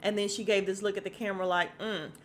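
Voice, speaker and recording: A woman's voice: mid-range voice, flat delivery, quick pace, a little hiss or hum. A woman hosting a podcast, ranting casually about celebrity news, chatty and laughing often as she talks to her listeners. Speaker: podcast host. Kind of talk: casual celebrity gossip rant.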